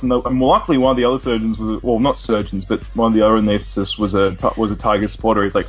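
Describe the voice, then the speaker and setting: A man's voice: on the low side, very fast, few pauses, soft background music. Guy telling a wild story. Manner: rambling animated storytelling, swears freely. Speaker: podcast co-host. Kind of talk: casual chat.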